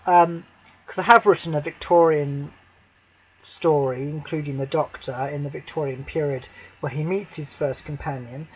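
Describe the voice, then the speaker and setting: A man ranting to camera as a fan, swearing a lot, rambling with many fillers, and breaking into shouted outbursts. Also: on the high side, moderate pace, breathy edge, rough recording. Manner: shouts and near-cries in outbursts. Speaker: vlogger.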